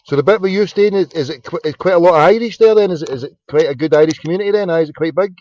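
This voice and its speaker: A man's voice: a little high, rapid-fire, a little mellow, lo-fi sound. A Glaswegian man hosting a late-night phone-in show, chatting and joking in a rambling way and stumbling over his words. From Scotland. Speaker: radio phone-in host. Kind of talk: casual chat.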